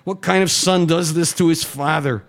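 A man's voice: fairly high pitch, fairly even intonation, moderate pace, voice pushed up, natural voice. A man reading a story aloud, voicing a stern, wounded father who guilt-trips his son. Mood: accusing. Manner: guilt-tripping.

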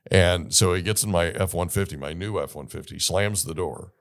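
A middle-aged man hosting an interview, telling a lively story and acting out the dialogue. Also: low-pitched, normal speed, vocal fry. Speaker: podcast host.

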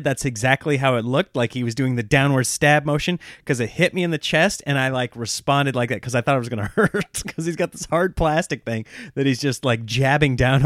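A man in his thirties spinning a loose, chatty comic story about his kids, jumping between tangents. He pops into higher, squeakier voices when quoting the children. The sound is close and dry, with no room around it. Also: no echo.

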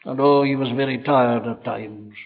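A man preaching a sermon, swinging from loud, urgent exhortation to hushed, drawn-out scripture quotations. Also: medium pitch, fairly even intonation, vocal fry. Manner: old-fashioned scripture quotations. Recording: dull old hall recording with long reverb.

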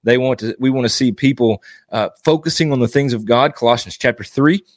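A man's voice: medium pitch, fairly quick, dry recording. Baptist preacher guy, earnest, keeps hammering the same points, dry close recording. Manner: earnest, exhorting, repetitive emphasis. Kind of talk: informal devotional teaching.

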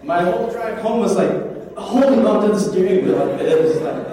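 A man's voice: high-pitched, moderate pace, slight background noise. Man telling a funny story in a hall. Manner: animated, acts out his own panic and quotes. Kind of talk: comic storytelling to an audience. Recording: roomy hall, voice from far off.

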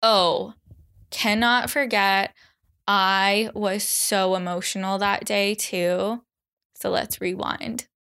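A young woman hosts her own podcast, talking at an unhurried pace in a smooth, clear voice. She chats casually, filling her sentences with "like," and slips into a high, exaggerated voice whenever she quotes someone. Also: fairly even intonation, fairly bright tone. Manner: chatty, lots of "like", acts out quotes in a high voice. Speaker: podcast host. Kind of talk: solo podcast chat.

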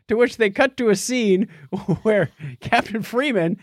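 A man's voice: sits high, moderate pace, few pauses, no room sound, clean studio sound. A man co-hosting a casual podcast, animatedly recapping an episode and acting out quoted lines with frequent laughter. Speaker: podcast host.

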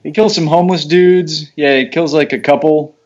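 A man's voice: fairly high pitch, steady tone, darkish tone, lo-fi sound. A man co-hosting a film podcast remotely, chiming in with short agreements and scene details. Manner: quick agreeing interjections, chimes in with scene details. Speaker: podcast co-host. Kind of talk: casual film review chat. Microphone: remote recording.

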